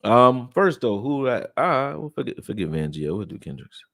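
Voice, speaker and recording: A man's voice: mid-range voice, sing-song, moderate pace, a bit bright, no echo, studio quality. Laid-back man hosting a live stream. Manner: loose, conversational, reads viewer chat aloud. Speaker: host of a live sports stream. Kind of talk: casual live-stream film breakdown.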